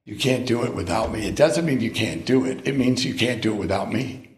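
A man's voice: on the low side, a little fast, reverberant. A man preaching a sermon in a conversational, emphatic way, now and then raising his voice. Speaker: pastor.

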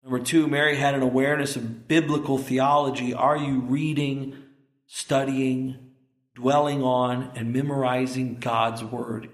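A man's voice: medium pitch, roomy sound. A man preaching a sermon to his congregation, earnestly asking them pointed questions and closing in prayer. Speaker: pastor. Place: church sanctuary.

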